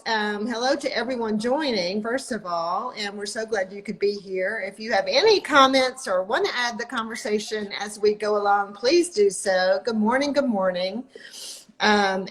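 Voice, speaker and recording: An older woman with a drawl hosts a casual live chat over a video call. Her voice sits a little high, and she keeps the talk moving in a cheerful, chatty way. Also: rough recording. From Texas. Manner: upbeat, chatty, welcoming. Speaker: host.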